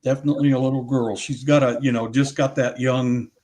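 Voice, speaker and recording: A man's voice: mid-range voice, steady tone, fairly quick, darkish tone. An older man talking casually as an interview guest, rambling with many restarts and self-corrections as he recalls his audio work.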